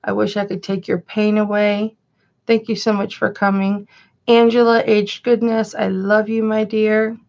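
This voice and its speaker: A woman's voice: medium pitch, little pitch movement, measured pace, vocal fry, muffled recording. A woman hosting a chatty livestream, greeting viewers by name and calling herself Mama. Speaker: live-stream host and reseller.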